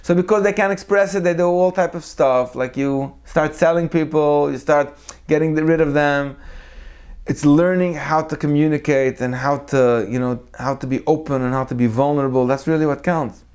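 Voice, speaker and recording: Animated male Torah storyteller. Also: fairly high pitch, moderate pace, smooth. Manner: animated storyteller who acts out the people in his tales. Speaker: Torah teacher. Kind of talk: weekly Torah talk with storytelling.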